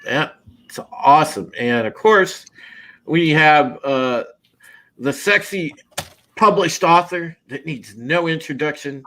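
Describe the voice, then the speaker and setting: A man's voice: a little high, expressive, slow, pushed and bright. A man hosting a podcast and running a casual live-stream panel intro, loose and chatty with many fillers and restarts. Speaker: podcast host.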